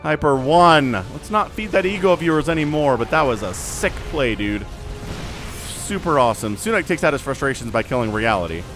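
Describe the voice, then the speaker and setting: Excitable male game caster, lively pitch. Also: soft background music. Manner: animated, excitable, voices players in quick asides.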